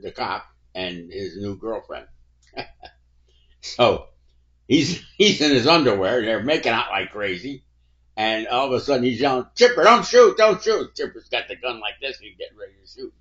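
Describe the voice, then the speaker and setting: A man's voice: on the low side, unhurried, fairly bright tone, dull audio. A man telling a rambling, folksy anecdote in a casual way. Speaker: storyteller.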